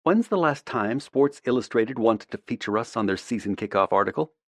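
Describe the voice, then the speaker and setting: A woman's voice: very deep voice, animated, brisk, no echo, clean studio sound, voice pushed up. A man voicing a young woman working in PR who speaks firmly and persuasively. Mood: insistent. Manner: firm, insistent.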